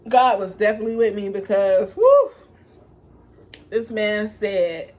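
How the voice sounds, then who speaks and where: A young adult woman telling a dramatic personal story to her viewers in a lively, animated way. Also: mid-range voice, normal speed. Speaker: vlogger. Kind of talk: storytime vlog.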